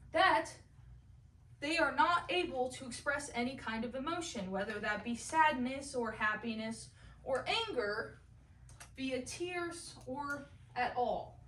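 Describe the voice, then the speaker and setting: A young woman giving a class presentation, halting now and then with fillers and restarts. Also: high voice, a bit bright. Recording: echoey room, mic at a distance.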